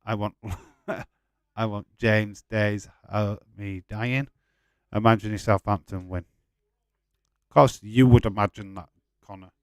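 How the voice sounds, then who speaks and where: Man, casual stream host, fairly low voice, dry close mic, swears a lot, rambling. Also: fairly even intonation, slow, long pauses, a little mellow, smooth, dry recording. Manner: swears freely, rambling, laughs often. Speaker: streamer host of a watch-along. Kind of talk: casual live-stream chat reading viewer comments.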